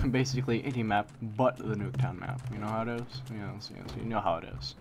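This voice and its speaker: Over loud shooter gunfire, a young male commentator talks live with a fairly low, creaky voice at a fairly quick pace. The background is noisy, and he alternates between grumbling under his breath and erupting in frustration at campers.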